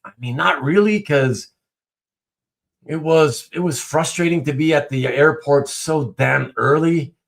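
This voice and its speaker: A man's voice: on the high side, a little slow, gravelly. A middle-aged man hosting a livestream, chatting casually and rambling through replies to live comments with many fillers and restarts. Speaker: livestream host.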